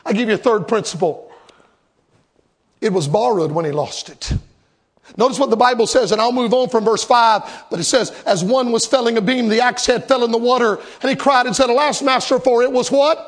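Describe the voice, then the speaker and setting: High, gravelly, dramatic Baptist preacher. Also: male voice, fairly quick. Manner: emphatic, dramatic, repeats lines for effect. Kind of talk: revival sermon.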